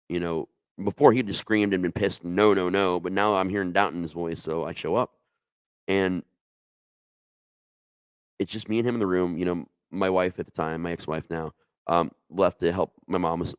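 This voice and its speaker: A middle-aged man with a deep, low voice tells a true ghost story from his own life. He speaks casually but with feeling, often backing up and restarting his sentences. The recording is dry and close, with no room echo. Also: smooth. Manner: conversational, emotional, with many restarts and asides.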